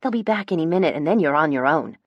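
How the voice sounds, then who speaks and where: A woman's voice: low voice, lively intonation, fast talker, no room sound, lo-fi sound. A woman voicing a petite, feisty young woman who swears and hurries her groggy companion in an audiobook. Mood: impatient. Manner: brash, impatient, sarcastic. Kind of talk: audiobook character voice.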